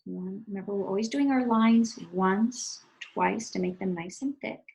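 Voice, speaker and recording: Gravelly-voiced woman teaching kids to draw. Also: medium pitch, normal speed, darkish tone, low-quality recording. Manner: patient, clear instructions, counting strokes aloud. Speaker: art teacher. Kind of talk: step-by-step drawing lesson for children.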